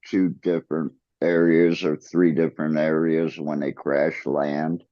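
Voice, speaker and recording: Deep-voiced male co-host, unhurried explainer, dull dry podcast audio. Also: flat delivery, no echo. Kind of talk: casual chat.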